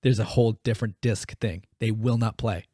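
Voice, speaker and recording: A man's voice: fairly low pitch, steady tone, a little fast, mellow, no room sound, studio quality. A man co-hosting a podcast, telling a story in casual, profane chat and acting out the quotes. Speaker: podcast co-host.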